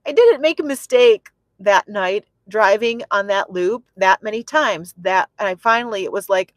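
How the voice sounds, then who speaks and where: A woman minister preaching through a personal story, chatty and repetitive, swinging from soft musing to loud, excited exclamation. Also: mid-range voice, normal speed, few pauses, no echo. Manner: repeats phrases for emphasis. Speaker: prophetic minister.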